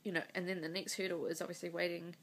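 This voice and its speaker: Tearful woman, thirties, speaking a phone-recorded diary, low gravelly voice, halting, sighing. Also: little pitch movement, slight background noise. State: crying. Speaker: vlogger. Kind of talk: tearful personal video diary. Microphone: phone mic.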